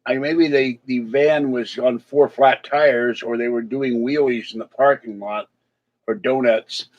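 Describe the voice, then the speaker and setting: A man's voice: mid-range voice, steady tone, unhurried. A man vlogging in a casual, rambling way, chatting and complaining about his day. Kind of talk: casual chat to camera. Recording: slightly dull lo-fi sound.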